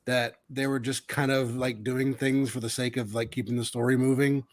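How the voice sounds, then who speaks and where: A man's voice: mid-range voice, flat delivery, moderate pace. A man on a movie podcast chatting casually, hesitant and often restarting his sentences, mildly critical. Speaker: podcast panelist. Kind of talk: casual chat about a film.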